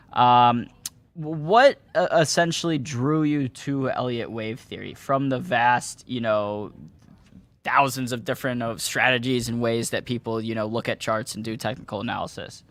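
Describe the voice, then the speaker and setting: A man's voice: medium pitch, a bit bright, no room sound. A man hosting a live market talk show, rambling and restarting his sentences as he talks. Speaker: show host.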